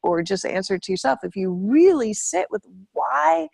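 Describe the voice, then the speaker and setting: A woman's voice: mid-range voice, big pitch swings, moderate pace, creaky, darkish tone. A woman in casual conversation, talking reflectively and hesitantly as she searches for her words.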